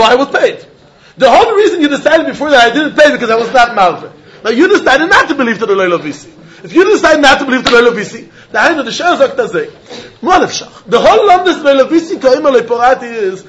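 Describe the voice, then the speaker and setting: High-voiced man teaching Talmud animatedly. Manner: animated, argues back and forth, laughs often. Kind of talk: Talmud lesson, lively explanation. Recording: dull lo-fi recording.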